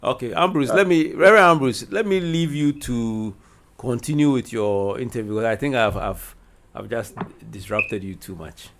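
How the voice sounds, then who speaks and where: A man's voice: medium pitch, lively intonation. Ghanaian man chatting on a radio panel. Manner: conversational, quick to chime in. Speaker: radio co-host. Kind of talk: radio discussion. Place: radio studio.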